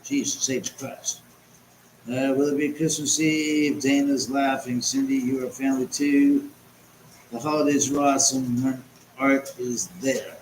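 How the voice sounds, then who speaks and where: A man's voice: medium pitch, fairly even intonation, unhurried, darkish tone, reverberant, a little hiss or hum, poor audio. A man hosting a casual livestream chat from home, rambling and sarcastic and swearing often. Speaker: livestream host.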